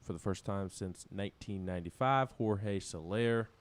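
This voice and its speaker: A man's voice: on the low side, normal speed, creaky. A man co-hosting a casual sports talk show, rambling with many restarts and laughing at himself. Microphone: studio microphone.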